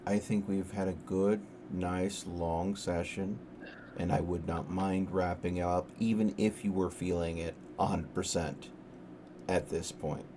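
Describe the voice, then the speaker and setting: A man acting as game master on a group stream, talking in a calm, measured and persuasive way over a voice call. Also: deep voice. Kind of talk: casual chat on a group stream. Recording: faint background noise.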